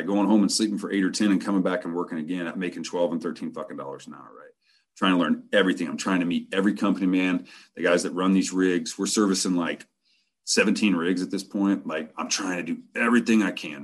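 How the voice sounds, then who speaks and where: A man casually telling a long personal story in blunt, profane language, laughing now and then. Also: low-pitched.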